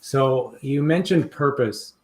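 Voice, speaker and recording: A man's voice: medium pitch, takes it slowly, a little mellow. A man co-hosting a casual interview in a mid-range voice. He asks his questions with friendly curiosity. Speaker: co-host.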